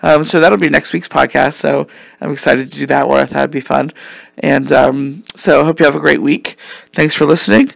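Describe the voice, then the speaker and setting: Gravelly-voiced man, losing his voice. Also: a little high, fairly quick, a bit bright, no echo. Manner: rambling, chatty, many ums, casual swearing. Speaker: podcast host. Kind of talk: casual solo podcast chat.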